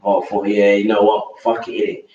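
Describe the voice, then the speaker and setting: Vlogger, rambling repetitive rant with crude slang; dull, distant, echoey recording. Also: male voice, fairly low pitch, completely flat delivery, normal speed, darkish tone, slight background noise. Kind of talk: casual rant to camera.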